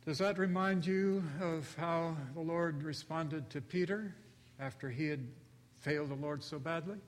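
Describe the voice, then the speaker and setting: Slow-preaching man in an echoing hall. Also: on the high side. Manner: slow, deliberate storytelling with acted-out quotes. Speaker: pastor. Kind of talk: sermon. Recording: long reverb of a large hall.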